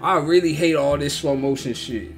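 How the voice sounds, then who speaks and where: A man's voice: fairly high pitch, normal speed, faint music behind. A man hosting a show reaction, talking bluntly in profane slang and repeating himself in heated outbursts. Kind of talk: casual reaction commentary.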